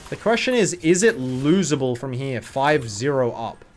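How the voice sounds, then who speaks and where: Jet-lagged streamer rambling. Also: male voice, medium pitch, sing-song, normal speed, slight background noise. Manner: rambling, joking, sarcastic asides. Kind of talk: casual gameplay commentary.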